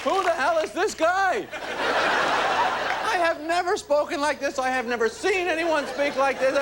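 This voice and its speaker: A man's voice: very high-pitched, normal speed, heavy background noise. A man performing a stand-up comedy routine on a TV studio stage, with a wry, observational delivery and exaggerated demonstrations of different voices. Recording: loud studio audience laughter. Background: roaring crowd laughter.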